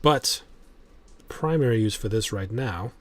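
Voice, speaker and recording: A man's voice: lowish voice, animated. A man voicing a guarded shadow-guild leader. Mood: diplomatic. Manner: measured, diplomatic, probing.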